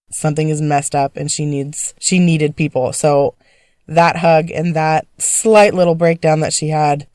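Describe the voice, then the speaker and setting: A woman's voice: sits low, dry recording, studio quality. A woman telling a personal story in a casual, emphatic way, speaking as an interview guest. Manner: emphatic, animated, fast-talking.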